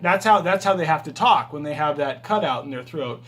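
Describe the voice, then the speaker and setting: A high-voiced man talks straight to his handheld phone camera as he walks through his house. His delivery is emphatic and motivational, full of asides and rhetorical questions. It sounds like a driver chatting casually to fellow drivers. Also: brisk, creaky, few pauses, sharp tone, husky. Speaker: rideshare driver and vlogger. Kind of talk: casual vlog talk to camera. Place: his house, walking from hallway to bedroom.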